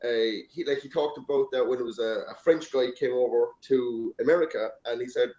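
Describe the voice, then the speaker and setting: An Irish podcast host from Ireland, speaking with an Irish accent in a mellow, medium-pitched voice at a fairly quick clip. He chats casually, rambling through anecdotes and swearing freely. The room sound is echoey, dull and lo-fi.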